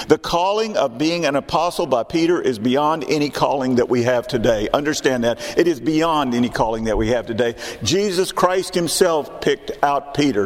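A man's voice: medium pitch, in a large hall. A man in his sixties preaching a sermon in a church, emphatic and repeating his key questions. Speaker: pastor. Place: church sanctuary.

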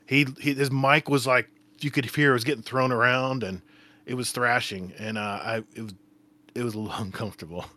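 A man, a podcast co-host, telling a story in casual chat, relaxed and hesitant with many fillers. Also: medium pitch, a little fast.

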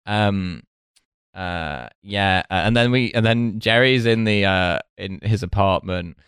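A man's voice: on the low side, slow pace, a bit bright, clean tone, dry recording, studio quality. A man co-hosting a casual comedy podcast, joking and laughing as he recaps an episode. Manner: jokey, breaks into laughter, slips into quoted voices. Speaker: podcast co-host.

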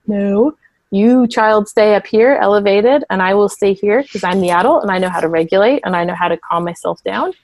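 A woman therapist talks through her ideas in an easy, explanatory way. She sometimes drops into quick acted voices. The sound is dry and close. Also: medium pitch, darkish tone, no echo. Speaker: therapist and parent coach. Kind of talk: conversational interview talk.

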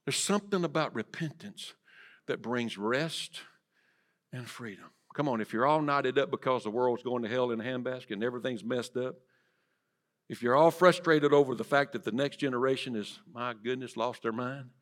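A man preaching a sermon in church, swinging from loud to hushed and asking the congregation direct questions. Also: medium pitch, moderate pace. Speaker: pastor. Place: church sanctuary.

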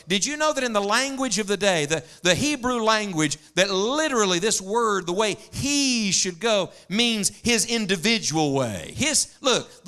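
A man's voice: high voice, sharp tone. A man preaching a sermon to a congregation, earnest and preacherly, often quoting others aloud.

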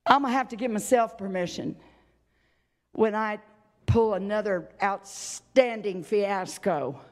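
A woman's voice: medium pitch, unhurried. A woman preacher delivering an impassioned, dramatic sermon. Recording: reverberant hall.

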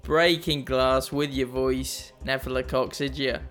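A man's voice: mid-range voice, level tone, a little slow, a bit bright, soft background music. A young man co-hosting a podcast, taking a quiz in casual banter, joking and swearing freely. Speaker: podcast co-host answering quiz questions.

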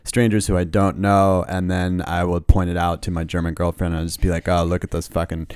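A man's voice: low voice, flat delivery, fairly quick, darkish tone, clear, resonant tone, no room sound, studio quality. An American man, a young adult, chatting as a comedian guest on a podcast, laid-back and swearing freely. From United States. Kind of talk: casual podcast chat.

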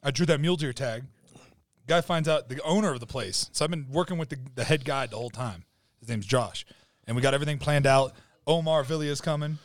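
A man's voice: medium pitch, fairly quick, no room sound. A man telling hunting stories in casual, profane podcast chat, acting out quotes as he goes. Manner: profane, animated storytelling with acted quotes. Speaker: podcast guest, hunter. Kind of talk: casual storytelling.

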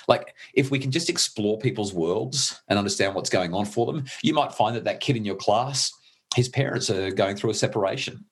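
A man's voice: lowish voice, normal speed, husky. A middle-aged man explaining parenting ideas in an earnest, conversational way as a guest, restarting phrases when he gets emotional.

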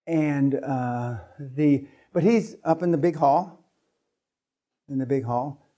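A man speaking at a seminar, telling a story to the room in a loud, profane way and acting out sounds as he goes. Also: medium pitch, slow pace. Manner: profane, lively storyteller who acts out sounds. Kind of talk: storytelling to a live audience.

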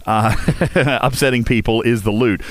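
Chatty and jokey, this man rambles to listeners as host of a game community voice chat, constantly using fillers and restarting sentences. He speaks at medium pitch and moderate pace with fairly even intonation, and there's no room sound.

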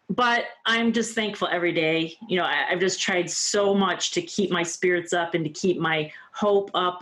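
A woman in her fifties, her voice on the low side with a touch of brightness, appears on an interview show to share her own story. She's candid and sincere throughout, using "like" and "you know" a lot.

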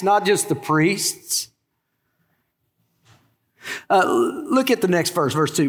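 A male pastor preaching a lively sermon, asking the congregation questions and joking with them. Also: high voice. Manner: animated preaching with rhetorical questions and asides to the congregation. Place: church sanctuary. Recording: live in a church with long reverb.

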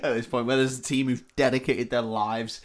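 A man's voice: medium pitch, flat delivery, normal speed. A young man co-hosting a podcast, chiming in with jokey wisecracks. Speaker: podcast co-host. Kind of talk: casual film recap chat.

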